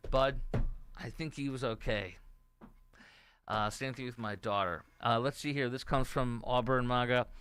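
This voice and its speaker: A man's voice: medium pitch, unhurried, noisy background. A middle-aged man from Texas hosting a political talk show, giving opinionated, rambling commentary and reading viewer comments aloud.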